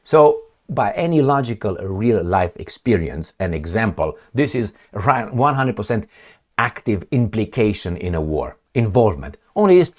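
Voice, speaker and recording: A man talks through the news as an opinionated commentator. His voice sits on the low side but leaps up and down with animated, sarcastic emphasis. He often slips into acting out imagined exchanges. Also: normal speed. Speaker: political commentator.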